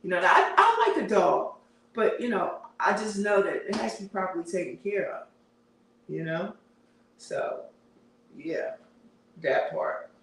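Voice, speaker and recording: A woman's voice: medium pitch, a little slow, pauses often, slight background noise. Chatty woman, far off in an echoey room. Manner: chatty and animated, reading viewer comments, laughing often. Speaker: livestream host. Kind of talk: casual live-stream chat.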